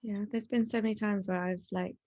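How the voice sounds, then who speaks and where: A woman's voice: mid-range voice, fairly even intonation, brisk, a little mellow, dry recording, lo-fi sound. A woman, a single mother, speaking candidly in casual chat, with lots of likes and you knows. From England. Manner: candid, filler-heavy, says like and you know.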